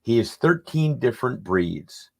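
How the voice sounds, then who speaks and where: A man's voice: mid-range voice, animated, unhurried, creaky. A middle-aged man telling a long, rambling story on a podcast and acting out the dialogue as he goes. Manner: rambling, anecdotal, acts out quoted dialogue. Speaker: podcast panelist. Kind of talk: casual storytelling.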